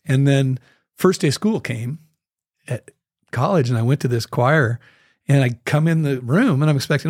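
Brief: male guest musician, mid-pitched, animated storyteller, dry close sound. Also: normal speed, slightly rough, dry recording. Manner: lively storyteller, scats out the rhythms. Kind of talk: storytelling interview.

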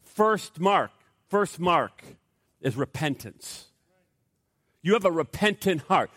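A man's voice: high voice, lively intonation, slow pace, fairly bright tone, no room sound, clean studio sound. A male pastor preaching a sermon, telling stories animatedly with stammering restarts.

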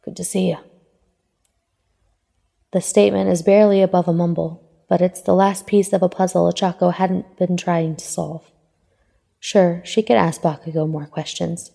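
A woman narrating fan fiction aloud in a steady, even storytelling manner. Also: on the low side, moderate pace, vocal fry, husky. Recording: long hall reverb.

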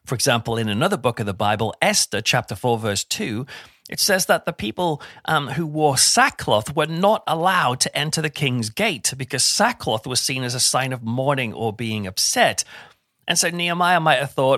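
Man, middle-aged, informal preacher, bright forceful voice, joking aside. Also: medium pitch, normal speed, no room sound, clean studio sound. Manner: chatty, animated, self-deprecating humour. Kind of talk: informal Bible talk.

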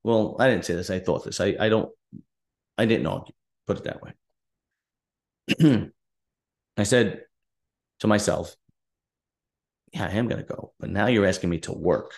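A man's voice: low-pitched, creaky. A man hosting his own podcast, telling a story in a direct, aggrieved way and acting out both sides of past conversations. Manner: direct, aggrieved, recounting dialogue. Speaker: podcast host. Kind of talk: casual storytelling monologue.

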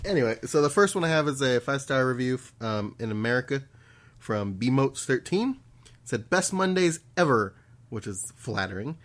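A man's voice: mid-range voice, animated, a little fast. A man co-hosting a podcast, joking and crude in casual chat. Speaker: podcast co-host.

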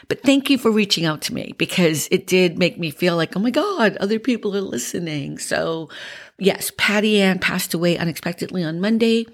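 Tired low-voiced woman with a Boston accent. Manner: candid, rambling, with many fillers. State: tired from no sleep. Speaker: podcast host. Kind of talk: casual personal update.

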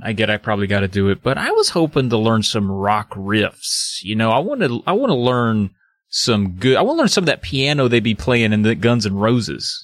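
A man acts out a reluctant young boy who mumbles his complaints halfheartedly. The delivery hops up and down in pitch and sounds dry and close. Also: a bit bright, no echo. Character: reluctant young boy taking piano lessons.

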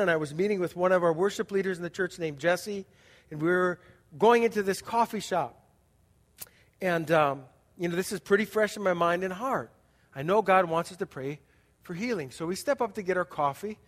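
Male pastor, high voice, chatty sermon storytelling, long echo of a big church hall. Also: expressive, normal speed. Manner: conversational storytelling with audience asides.

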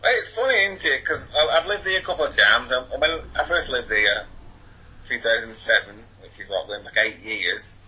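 A man's voice: medium pitch, moderate pace, pushed and bright, rough recording. A man in his forties with a Wigan accent, chatting as a podcast guest over an internet call, rambling with many restarts. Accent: Wigan, Lancashire. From Wigan, England. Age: 40s. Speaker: podcast guest, football fan. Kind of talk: casual remote interview.

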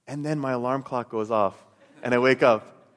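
Long hall reverb surrounds a middle-aged Christian speaker telling his faith testimony and teaching. He speaks at a normal speed in a mid-range voice, earnest and story-driven, often repeating words along the way.

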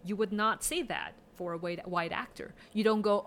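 A woman's voice: mid-range voice, fairly even intonation, normal speed. A woman talking casually and analytically about movies, with plenty of fillers. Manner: chatty, analytical, many fillers. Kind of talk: casual film discussion.

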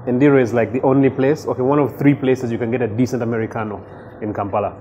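A man's voice: mid-range voice, steady tone, quick pace, warm tone, a little hiss or hum. A man, a radio presenter chatting easily as a guest in a coffee shop. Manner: easygoing, jokey, reflective. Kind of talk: casual interview chat.

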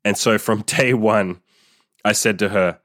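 Blunt, profane man with a low voice. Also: steady tone, measured pace, fairly bright tone, no echo, studio quality. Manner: profane, blunt, laughs often. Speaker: podcast host. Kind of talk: casual monologue.

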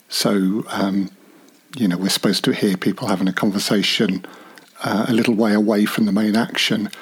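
A man's voice: lowish voice, slightly rough. A man, a sound designer, giving a thoughtful, hesitant interview answer with many fillers.

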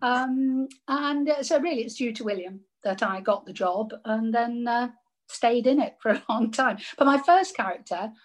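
An older woman, a radio actress, telling lively anecdotes in casual chat and laughing often. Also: a little high, normal speed.

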